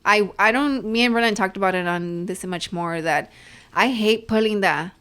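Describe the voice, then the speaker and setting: A woman co-hosting a podcast in casual chat, telling a family story with lively acted-out dialogue and Spanish phrases mixed in. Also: mid-range voice, normal speed, clear, resonant tone. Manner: animated storyteller who acts out dialogue and mixes in Spanish. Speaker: podcast co-host; mother.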